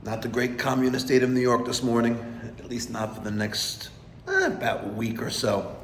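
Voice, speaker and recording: Walking around a resort with pools, a middle-aged man vlogs casually, chatting to viewers he calls folks and sometimes dropping to a whisper. His mid-range voice is very animated and fairly bright, at a moderate pace. There's a little hiss or hum in the audio.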